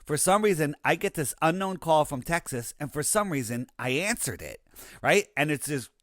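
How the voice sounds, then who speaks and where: A man talking casually as an interview guest, telling anecdotes in an animated way and acting out the dialogue he quotes. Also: fairly high pitch, normal speed, no echo, studio quality. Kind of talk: casual conversation.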